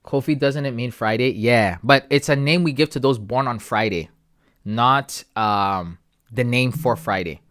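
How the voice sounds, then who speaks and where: Man streaming live from home, casual chat, reads viewer messages out loud, mid-pitched voice, close sensitive mic. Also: unhurried. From Canada. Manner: chatty, reading viewer messages aloud and answering them. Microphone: sensitive desk mic close up.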